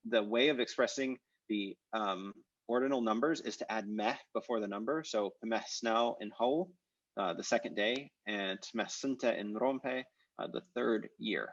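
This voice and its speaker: Teaching a language class live online, a man with a fairly low, slightly rough voice walks students through the material one step at a time. His speech is full of "uh"s and "um"s, and the call audio lacks highs.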